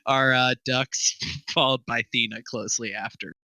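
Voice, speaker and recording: A young man acts as game master, narrating a tabletop game over voice chat, laughing often and cursing casually in a loose, profane manner. He speaks at a moderate pace with a medium pitch and fairly even intonation, and there is background noise.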